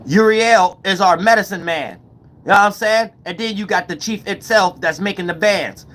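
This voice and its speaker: A man's voice: high voice, moderate pace, a bit bright. A man with a slightly raised voice talks to his viewers in a loose, rambling monologue. His grammar is casual and full of slang and swearing, and he keeps tagging lines with filler check-ins. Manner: rambling, repeats "you know what I'm saying". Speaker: channel host.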